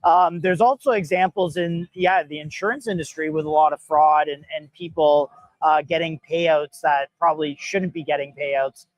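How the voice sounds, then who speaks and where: A man hosting a casual live-stream interview at a hackathon event, upbeat and chatty with quick reactions. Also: on the high side, fairly even intonation, no echo. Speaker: host.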